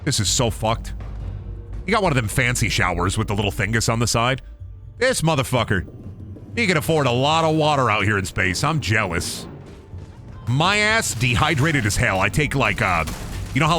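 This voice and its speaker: A young man chatters over his gameplay in a bright, lively voice, swearing freely and riffing from one joke to the next. His pitch jumps around a lot as he drops into silly voices. Faint music plays underneath. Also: moderate pace. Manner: rambling, profane, jokey, slips into silly put-on voices. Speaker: gaming streamer. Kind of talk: casual gameplay commentary.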